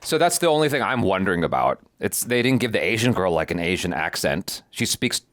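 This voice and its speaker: Animated man in casual chat. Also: low-pitched, dry recording, studio quality. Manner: animated, halting restarts. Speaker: co-host of a reaction channel.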